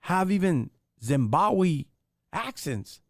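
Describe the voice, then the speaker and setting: A man hosts a casual live stream in a lively, swooping voice. He talks in street slang and presses with one rhetorical question after another. The sound is close and dry. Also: high-pitched, takes it slowly, gravelly, no room sound.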